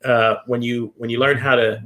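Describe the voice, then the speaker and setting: A man's voice: medium pitch, little pitch movement, normal speed, a bit bright. A man hosting a casual interview, talking in long rambling turns full of fillers and restarts. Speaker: host.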